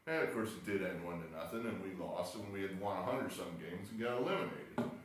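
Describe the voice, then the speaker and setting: A man's voice: low voice, brisk, slight background noise. A man hosting his own sports video, talking in a rambling, exasperated way with wry asides while smoking a cigar. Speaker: sports betting video host. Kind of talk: rambling casual monologue. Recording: very echoey room, mic far off.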